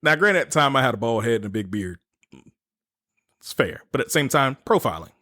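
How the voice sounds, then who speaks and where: A man in his thirties, sitting at the mic as a podcast host and spinning stories in a casual, rambling way. He swears freely and breaks into laughter between his phrases. His voice sits at a middle pitch for a man. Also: sing-song, a little fast, bright, forceful tone. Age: 30s. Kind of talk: casual storytelling chat.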